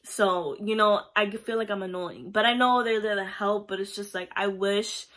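A young woman from Puerto Rico chats about her job as a pharmacy technician in casual vlog storytelling, rambling with lots of fillers. Her mid-range voice is fairly bright, at a moderate pace.

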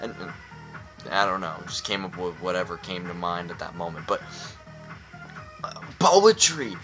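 A sleep-deprived young man talks close to his webcam in a low, loose voice, hyper and rambling. He is goofy and scattered. Music plays clearly under his talk. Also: flat delivery, a little fast, pushed and bright. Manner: rambling and goofy, hyper, jumps between silly voices and mock poetry. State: exhausted from lack of sleep. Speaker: gaming YouTuber. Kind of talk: rambling casual vlog talk. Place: indoors at home, at night into dawn. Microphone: webcam close to the face. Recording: music playing behind.

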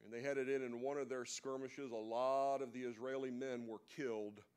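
A man's voice: mid-range voice, fairly even intonation, normal speed, a little mellow, clean tone. Man preaching in a conversational storytelling style. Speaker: speaker at a men's breakfast. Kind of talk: sermon.

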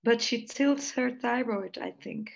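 Here the same kind of speaker, a Belgian woman who teaches jazz voice, uses a fairly high voice with vocal fry and a slightly slow pace. Interviewed online in English over a video call, she analyzes singing technique thoughtfully, adding light laughs between points, and the recording sounds muffled.

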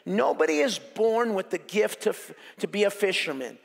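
Jokes and relentless repetition mark this male pastor's animated sermon, spoken at normal speed. Gravelly and high for a man, his voice rings out with long reverb across an echoey church hall.

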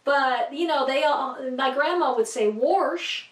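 Rambling female Bible teacher, high voice, distant mic in a reverberant room. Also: normal speed. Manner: rambling, chatty, many fillers and asides. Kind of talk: casual teaching to camera.

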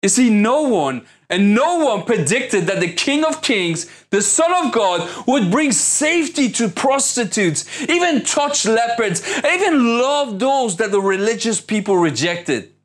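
A man with a high voice for his sex, preaching a sermon as a pastor. He prays in measured phrases and drives his points home with emphatic repetition. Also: big pitch swings. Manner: prayerful, then building into impassioned preaching.

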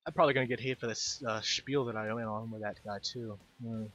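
A man's voice: mid-range voice, fairly even intonation, fast, fairly bright tone, faint music behind. A man hosting casual game commentary, rambling, stumbling over words and poking fun at himself. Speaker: gaming video host.

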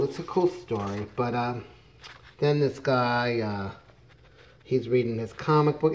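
A man's voice: mid-range voice, moderate pace, darkish tone. A middle-aged man casually retelling a comic book plot, rambling with many fillers and restarts. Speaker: comics reviewer.

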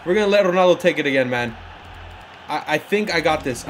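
A young man commenting live on his own football video game match, excitable, with frustrated outbursts and shouts at big moments. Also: mid-range voice, fast, music in the background. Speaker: gaming YouTuber.

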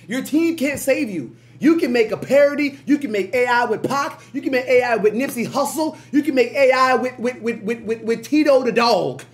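A man hosting a music reaction from his room at home, excitable and crude, breaking into loud bursts and laughter. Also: very high voice. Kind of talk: animated reaction commentary.

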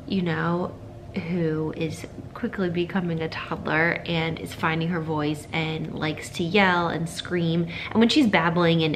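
A woman in her thirties chats casually to the camera for her vlog, in a fairly low voice. At times she talks hushed and soft while her baby naps. Steady background noise sits under the recording. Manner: chatty, upbeat and animated on the go. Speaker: vlogger, mother. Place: car, with a baby in the back seat. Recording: noisy background.

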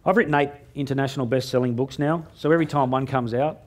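A motivational speaker tells humorous stories in a keynote on stage before a live audience, joking, mocking himself and tossing in quick asides. His voice is medium-pitched and steady.

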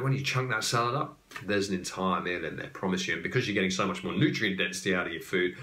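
A man's voice: low voice, bright, forceful tone. A man from England with an English accent, hosting a casual explainer podcast and breaking off into joking asides. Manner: chatty, joking asides and digressions. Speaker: podcast host. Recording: echoey room.

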